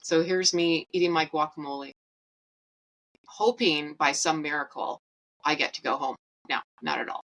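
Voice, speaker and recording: A young woman from Canada tells a personal story as a podcast host. Her voice sits low but carries a bright, forceful edge. She is candid and self-mocking, and she plays out each exchange with lively quoted dialogue. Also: normal speed, long pauses, rough recording. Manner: animated, acts out quoted dialogue; candid and self-mocking, laughs while telling.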